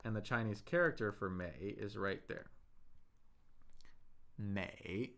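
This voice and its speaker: A man hosting a live Chinese lesson, chatty and upbeat, reading viewer comments aloud and slowing down to model tones. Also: on the low side, lively intonation, fairly bright tone. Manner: reads viewer comments aloud and answers them. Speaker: Chinese teacher and livestream host. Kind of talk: live-streamed language lesson reading chat.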